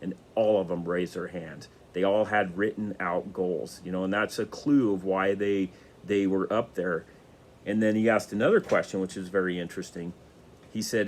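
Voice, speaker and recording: Man, low voice, casual motivational talk, rambling storyteller. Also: fairly even intonation, normal speed, slight background noise. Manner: rambling, many restarts and fillers. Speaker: motivational speaker.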